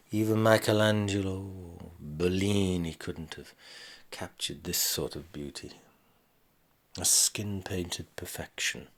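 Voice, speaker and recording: A man narrating a story slowly and dramatically, his husky voice often sinking to a whisper, with halting pauses and sighing "oh"s. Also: deep voice. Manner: slow, halting delivery with long pauses and sighing "oh"s.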